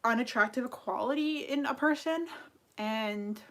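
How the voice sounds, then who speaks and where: A woman's voice: a little high, unhurried, fairly bright tone. A young woman talking casually on a livestream, rambling with lots of fillers and apologizing for herself. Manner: rambling, filler-heavy, self-critical. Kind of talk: casual live-stream chat.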